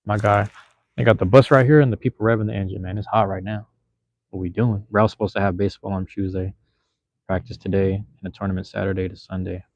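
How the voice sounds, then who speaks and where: A man's voice: fairly low pitch, fairly even intonation, fast, a little mellow, dry recording. A man from Seattle hosting a casual livestream, talking loosely with viewers in slangy, profane chatter. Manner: loose, slangy, drops profanity, addresses chat. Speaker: livestream host.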